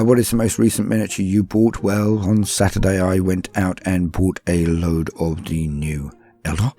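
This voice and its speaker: Husky-voiced British man chatting casually. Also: low voice, warm tone. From London, England. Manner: chatty and self-deprecating, with frequent ums and asides. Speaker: podcast host answering patron questions. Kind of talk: casual Q&A chat.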